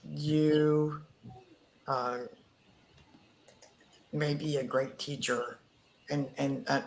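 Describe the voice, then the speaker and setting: A woman giving a psychic reading, slowly searching for words and repeating herself. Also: very deep voice. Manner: slow, repetitive, searching. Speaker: psychic reader. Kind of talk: spoken reading.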